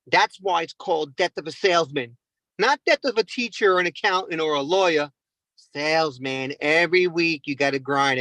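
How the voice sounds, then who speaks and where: A man's voice: a little high, fairly bright tone, dry recording, low-quality recording. A man doing stand-up comedy, rambling and mocking himself, often calling the crowd "guys".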